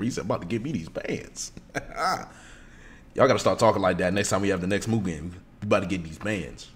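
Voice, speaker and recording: A man streaming live, chatting casually with his viewers in an excitable, slangy way. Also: lowish voice.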